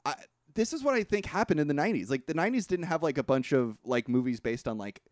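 A man co-hosting a podcast, talking through a movie review in casual chat, animated and swearing often with frequent restarts. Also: fairly high pitch, fast talker, no room sound, studio quality. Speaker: podcast co-host.

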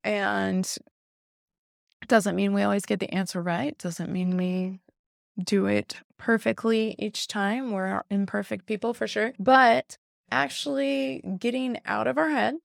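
A woman's voice: medium pitch, steady tone, unhurried, gravelly, no room sound, studio quality. A woman hosting a podcast, telling stories animatedly and acting out quoted dialogue with frequent laughs. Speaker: podcast host, therapist. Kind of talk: casual conversational podcast.

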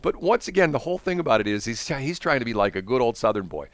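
A man chats on a radio show, his voice swinging widely in pitch as he tells stories. He slips into impressions as he goes. The sound is close and dry. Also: fast, dry recording. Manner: animated storyteller, mimics voices. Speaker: radio host. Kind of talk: casual radio chat.

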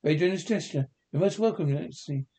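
Brief: male reader of a comedy film script, a touch high, warm mellow tone, all parts in one voice. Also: racing, vocal fry. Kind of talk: reading a film script aloud.

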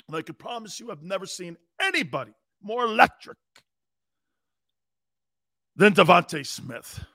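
A man mimicking a pompous old male sportscaster who gushes in a slow, drawn-out, fawning way. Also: sits high, lively intonation, pushed and bright, dry recording, studio quality, heavily acted. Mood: gushing.

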